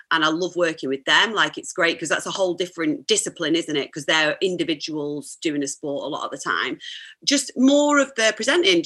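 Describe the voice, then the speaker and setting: A woman, chatting as a podcast guest, effusive and quick to laugh. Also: lowish voice, pushed and bright, breathy edge. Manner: effusive, laughs often, talks in quick restarts. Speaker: podcast guest, sports presenter. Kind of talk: casual chat.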